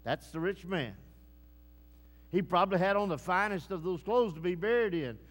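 A man preaching a sermon, swinging from hushed, low passages to loud, rising calls. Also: expressive, moderate pace. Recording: long hall reverb.

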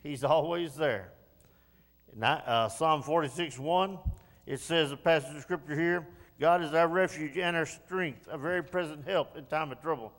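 A man's voice: on the high side, moderate pace, a bit bright. A man preaching a sermon in a church, emphatic and repeating key phrases. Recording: long reverb of a church hall.

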